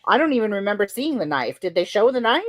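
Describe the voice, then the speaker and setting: A woman co-hosting a casual podcast chat about a court case, talking in a giggly, animated way. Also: mid-range voice, quick pace, no room sound. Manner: giggly, animated, breaks into laughter. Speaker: podcast co-host.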